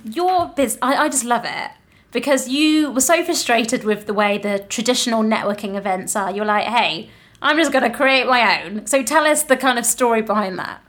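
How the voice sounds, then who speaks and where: A woman's voice: a little high, moderate pace. A woman hosting a podcast interview in a bubbly, gushing way, laughing often. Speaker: podcast host. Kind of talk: casual interview chat.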